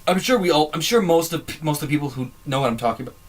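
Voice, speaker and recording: A man's voice: fairly high pitch, lively intonation, rapid-fire, slight background noise. A man hosting a casual fan commentary video, rambling and digressive, often trailing off and restarting his sentences. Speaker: video host.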